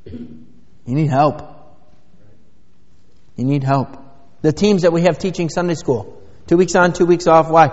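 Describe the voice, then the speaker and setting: A man's voice: a little high, a little slow, long pauses, a little mellow. Preaching man in an echoing church. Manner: emphatic preaching with rhetorical questions. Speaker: pastor. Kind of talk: sermon. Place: church sanctuary. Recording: dull lo-fi sound with long church reverb.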